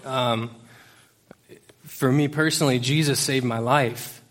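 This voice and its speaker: Preaching to a congregation at a church service, this youth pastor has a medium-pitched, steady, somewhat bright voice and talks slowly. The sermon is conversational and jokey, with plenty of fillers and restarts.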